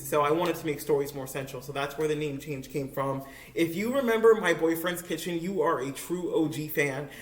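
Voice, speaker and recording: A young cooking vlogger chats and giggles through a casual story in her home kitchen, saying "like" and "um" a lot. Her voice sits low and sounds roomy, with a little hiss or hum, as a camera on a makeshift tripod records her.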